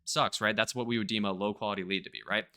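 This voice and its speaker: Speaking straight to camera, a marketing coach teaches with energy, his fairly low voice moving at a quick pace. He keeps checking in with listeners using "right?" and "okay?".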